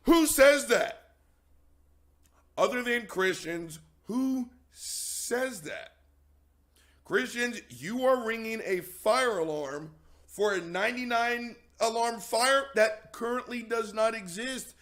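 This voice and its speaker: A man with a high, bright voice rants as a commentary host. He swears freely and mocks his targets. Now and then he breaks into shouts. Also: takes it slowly. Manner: profane, mocking, shouting at times. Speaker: show host. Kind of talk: heated commentary rant.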